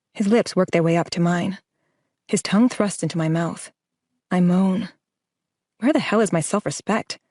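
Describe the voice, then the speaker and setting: A woman's voice: on the low side, darkish tone, no room sound. A woman reading a first-person romance audiobook in an intimate, emotive way, close to the mic. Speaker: audiobook narrator. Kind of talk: scripted first-person narration.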